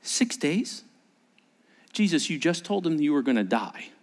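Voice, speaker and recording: A man's voice: a little high, sing-song, fairly quick, a little mellow. A man preaching a sermon in church, dramatically acting out the voices of the people in his story. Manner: dramatic, acts out quoted disciples with shifting voices. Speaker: pastor.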